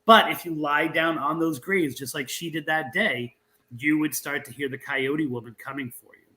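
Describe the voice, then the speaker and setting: A man's voice: a little high, moderate pace, low-quality recording. A man, a guest author and researcher, telling a local legend in an interview with restarts and fillers as he goes. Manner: animated storyteller with frequent restarts and fillers.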